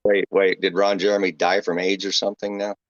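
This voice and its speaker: A man's voice: deep voice, flat delivery, a little fast, dry recording, muffled recording. A man co-hosting a casual stock livestream over a call, blunt, sarcastic and cynical. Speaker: livestream co-host.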